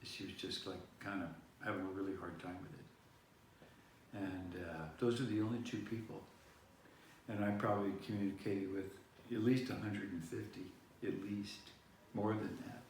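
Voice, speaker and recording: A man's voice: fairly low pitch, fairly even intonation, normal speed, a little mellow. A man hosting a vlog, telling a long personal story in a meandering way, full of restarts and fillers. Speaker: vlog host. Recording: echoey room, far-off mic, faint noise.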